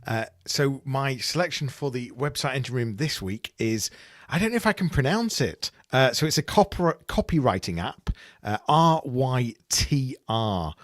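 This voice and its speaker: A man's voice: medium pitch, animated, moderate pace, no room sound, studio quality. A man co-hosting a business podcast, talking casually with frequent restarts and repeated words. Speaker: podcast co-host.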